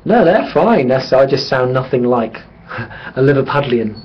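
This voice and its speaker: A man's voice: mid-range voice, expressive, unhurried. A British man with a British accent, an easygoing guest teasing the host in a casual chat. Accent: British English. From Britain. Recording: dull lo-fi sound with faint noise.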